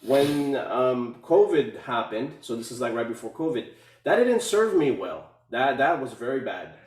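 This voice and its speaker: A man giving a casual testimonial on a video call, talking haltingly with many fillers and restarts. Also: medium pitch, very animated. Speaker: community call participant. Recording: echoey room, far from mic.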